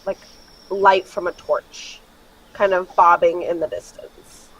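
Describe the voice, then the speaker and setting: Slow, hesitant game master. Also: mid-range voice, little pitch movement, over a noisy crowd, low-quality recording. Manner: slow, hesitant, filler-heavy narration. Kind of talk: narrating a tabletop game.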